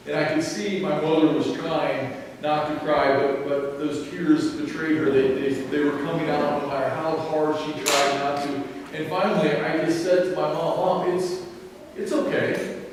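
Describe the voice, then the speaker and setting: A male pastor giving a sermon, telling a personal story in an earnest, deliberate way. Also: a little high, level tone, a little hiss or hum. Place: church sanctuary. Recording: echoey sanctuary, mic at a distance.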